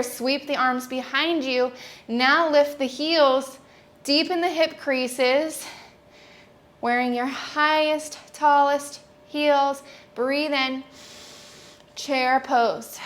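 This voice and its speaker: High-voiced woman cueing a yoga flow. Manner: calm, steady instructional cueing with brief asides. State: slightly out of breath. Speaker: yoga instructor.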